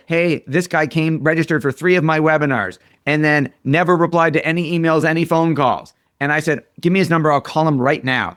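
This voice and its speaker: Animated male storyteller, dry sound. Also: a little high, no room sound. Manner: storytelling, acts out quoted dialogue. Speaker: marketing expert guest. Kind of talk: casual interview talk.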